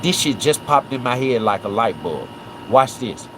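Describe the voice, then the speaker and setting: This Memphis man hosts a casual livestream, breaking down a case in a medium-pitched voice at normal speed, with background noise. Animated, he keeps coming back to "right?" and "watch this."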